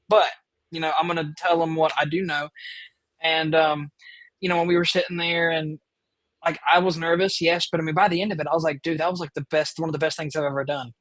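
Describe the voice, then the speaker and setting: Rambling man, fairly high voice. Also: fairly bright tone, no room sound, poor audio. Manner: rambling, filler-heavy, eager. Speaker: podcast host. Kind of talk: casual storytelling chat.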